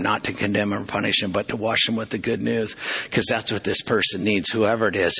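Middle-aged male preacher, forceful low delivery, earnest, halting, confessional. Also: slightly rough. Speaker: preacher giving testimony. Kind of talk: testimony sermon.

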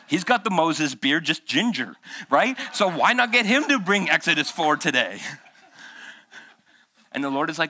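A man's voice: on the high side, sing-song, moderate pace, sharp tone, a little hiss or hum. A male pastor preaching a conversational sermon, firing off rhetorical questions and acting out the voices he quotes, after months of illness. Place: church.

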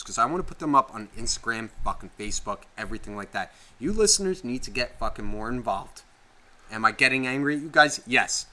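Podcast guy ranting, swearing nonstop, super bright sharp voice. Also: medium pitch. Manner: profane, ranting, loud outbursts. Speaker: podcast co-host. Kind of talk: casual podcast rant.

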